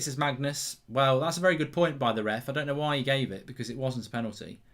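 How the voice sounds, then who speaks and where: A man in his thirties hosting a football watchalong, reading viewer messages aloud and commentating the match as it happens, getting loud and excited in big moments. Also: mid-range voice, fairly quick. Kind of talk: live match commentary and chat.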